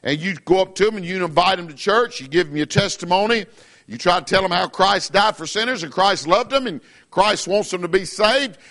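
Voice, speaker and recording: A man's voice: sits high, vocal fry, fairly bright tone. A middle-aged man preaching a fiery sermon as pastor, in an emphatic, repetitive cadence.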